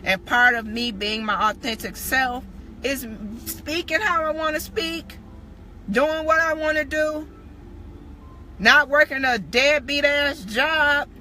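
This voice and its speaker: Bright-voiced woman preaching frankly. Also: high-pitched, slow pace, a little hiss or hum. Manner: candid, preachy, swears freely. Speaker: spiritual teacher. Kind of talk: casual live-stream testimony.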